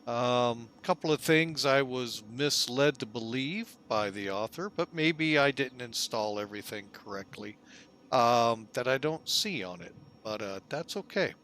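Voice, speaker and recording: Man, casual simulator walkthrough, folksy, relaxed with fillers, bright tone, mid pitch. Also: unhurried. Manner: chatty, folksy, keeps calling viewers "folks"; relaxed, loose delivery with frequent fillers. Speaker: flight simulator video host.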